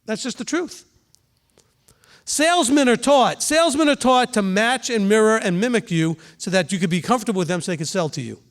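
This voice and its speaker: A middle-aged man, a rabbi, teaching a congregation in a relaxed sermon, often turning to ask the room questions and acting out quick examples. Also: high-pitched. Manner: conversational preaching, asks the room questions, voices quick examples.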